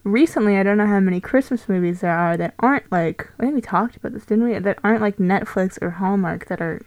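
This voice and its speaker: A woman's voice: mid-range voice, quick pace, darkish tone, dry recording, low-quality recording. A young woman in a casual discussion about films, talking thoughtfully, hedging with many fillers. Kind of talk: casual podcast discussion of a film.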